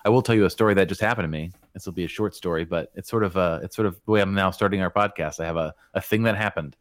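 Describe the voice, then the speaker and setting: A man's voice: sits low, racing, no echo, studio quality. A man co-hosting a podcast, telling stories in a wry, self-deprecating way. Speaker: podcast co-host. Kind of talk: casual storytelling chat.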